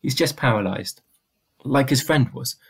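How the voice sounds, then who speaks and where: A man's voice: mid-range voice, measured pace, creaky, slightly rough, exaggerated voice. A man voicing a firm worried father. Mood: soft. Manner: firm, clipped commands. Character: worried father taking charge.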